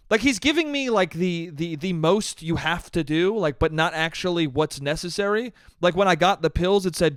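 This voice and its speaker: A man hosting a solo podcast, ranting in an exasperated, profane way and mimicking other people in flat voices. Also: high voice, fairly quick, hardly any pauses, dry recording, studio quality. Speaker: podcast host. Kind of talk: solo comedic rant.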